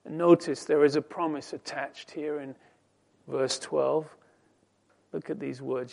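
High-voiced guy preaching slow, goes quiet then loud and punchy, reads verses real deliberate. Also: steady tone, vocal fry. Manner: swings from soft murmurs to loud emphatic rising lines; slow, deliberate delivery with scripture quotes. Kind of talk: sermon.

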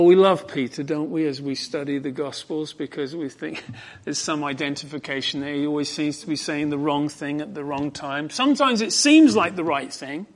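A man preaching an expository sermon, fervent and emphatic, dropping to hushed tones and rising to ringing emphasis. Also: fairly high pitch.

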